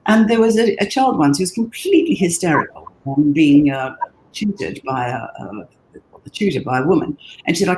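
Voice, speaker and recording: An earnest woman guest tells her story in a relaxed interview. She talks haltingly, doubling back on words as she thinks, and her pitch jumps up when she gets excited. A faint hiss sits under her voice. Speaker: guest, brand designer.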